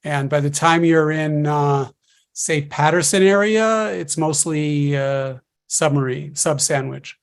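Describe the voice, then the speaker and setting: A man speaking as a linguist guest on a webinar panel, explaining in a hesitant, halting way over a video call. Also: a little high, gravelly, clear, resonant tone.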